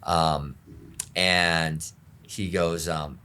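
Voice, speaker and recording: A middle-aged man with a very low, deep voice speaks candidly as a pastor being interviewed. He tells his story openly and pokes fun at himself, his deep tone staying low as he talks. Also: steady tone, extremely slow, sharp tone, clean tone. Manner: open, self-deprecating, laughs at himself.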